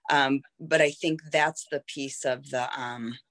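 A woman's voice: very deep voice, steady tone, unhurried, fairly bright tone. Frank, reflective woman in her thirties. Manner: reflective, frank, heavy use of "like". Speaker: guest. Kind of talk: candid personal conversation.

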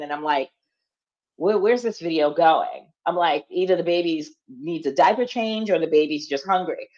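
A woman's voice: lowish voice, muffled recording. A woman co-hosting a casual chat, frank and blunt as she tells stories. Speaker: podcast co-host.

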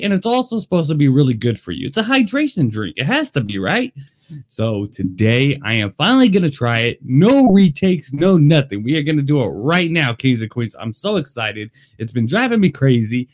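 Excitable man with a lively voice. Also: on the high side, a little fast. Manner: excitable, chatty, lively delivery. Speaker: vlogger. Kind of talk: casual taste-test vlog. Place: Las Vegas.

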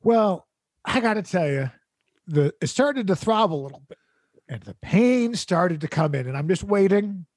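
A man's voice: sits high, expressive, normal speed, a little mellow, no room sound. A man hosting a podcast, telling a funny, exasperated story full of sarcasm and laughter. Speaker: podcast host. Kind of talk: comedic storytelling rant.

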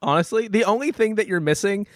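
A man's voice: high-pitched, fast talker, no echo. Joking, rambling male podcast host. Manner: joking, rambling with many fillers. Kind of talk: casual podcast chat.

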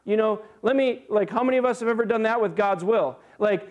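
A man pastor preaching a sermon in a conversational, animated way, with frequent fillers and restarts. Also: high voice, fairly quick, hardly any pauses.

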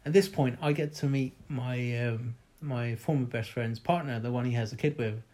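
A man in the middle of a candid personal story, talking loosely and honestly with plenty of filler words. His voice sits at a middling pitch, and the delivery stays chatty and unpolished throughout. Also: steady tone, normal speed, a little mellow. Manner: candid, rambling, frequent ums and uhs, swears.

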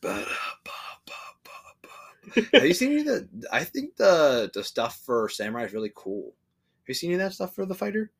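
A man's voice: a little high, very animated, fast talker, creaky, a bit bright. A young man co-hosting a podcast in casual chat, rambling with lots of fillers, restarts and casual swearing. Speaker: podcast co-host.

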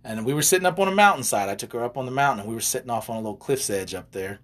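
Husky, animated older man telling stories. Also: mid-range voice, racing. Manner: animated, wanders into side stories and jokes. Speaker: relationship coach and co-host. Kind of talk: casual storytelling chat.

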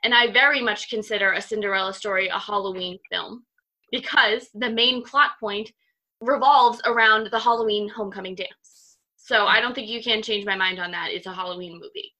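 A young woman in her twenties, co-hosting a casual chat over a video call, telling a story in an animated, fired-up way. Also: medium pitch, moderate pace. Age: 20s. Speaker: podcast co-host.

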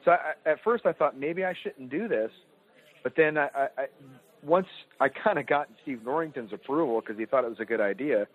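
A man's voice: medium pitch, animated, brisk, slightly rough. A man, a filmmaker guest on a podcast, telling a candid, self-deprecating story in casual chat. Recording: tinny phone-like line.

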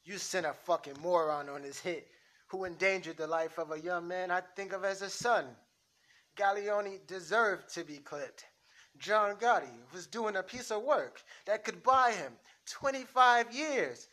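A man reading a script aloud, playing a hot-tempered, profane mob captain who shouts his lines in an amateur script reading. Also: high-pitched, measured pace, voice pushed up. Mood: furious.

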